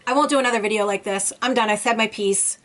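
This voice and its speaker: A woman's voice: mid-range voice, fast, a bit bright. A woman vlogger ranting in an indignant, emphatic way, repeating phrases for emphasis as she speaks to her viewers. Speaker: YouTube vlogger. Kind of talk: ranting commentary vlog.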